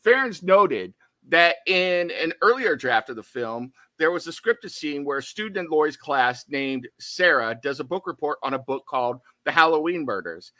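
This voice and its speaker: A man co-hosting a horror podcast in casual chat, animated and prone to playful digressions. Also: fairly high pitch, moderate pace, hardly any pauses, dry recording. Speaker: podcast co-host.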